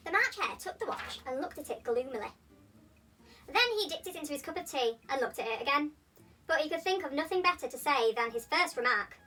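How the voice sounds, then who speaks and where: A woman reads a children's classic aloud in a high, bright and animated voice. Faint music runs underneath, and she sits a little back from the mic. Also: brisk, recorded from a distance. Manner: expressive and animated. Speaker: storybook reader. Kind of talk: children's story reading.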